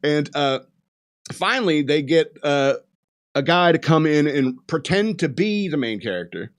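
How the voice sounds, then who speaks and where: Retelling a film in a loose, rambling rant, a male podcast host laughs a lot and performs lines from it. His voice sits on the high side with lively intonation, and his delivery is a little slow.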